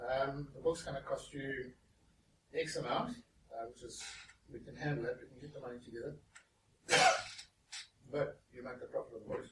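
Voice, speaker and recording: A man giving a humorous storytelling talk as a guest speaker, animated and lively. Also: medium pitch. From South Africa. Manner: animated, acts out other people's voices in his anecdotes. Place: meeting venue with an audience. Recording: roomy echo, distant mic, noisy background.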